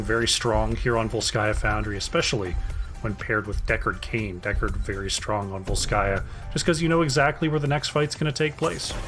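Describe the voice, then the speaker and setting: A man's voice: mid-range voice, fairly bright tone. A man casting an esports draft solo, chatty and casual, talking to his chat between picks. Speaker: esports caster.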